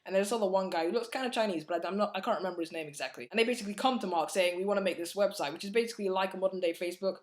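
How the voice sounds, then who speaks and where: A man's voice: high-pitched, racing, hardly any pauses. A man giving a casual, blunt film review, chatty and full of fillers and restarts. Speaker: movie reviewer.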